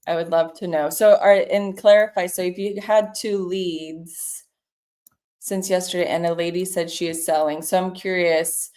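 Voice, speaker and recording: A woman from California with a Californian accent, a real estate broker chatting casually and upbeat while making cold calls. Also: fairly low pitch. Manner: upbeat, chatty, quick bursts of excitement. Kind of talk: casual livestream chat while cold calling.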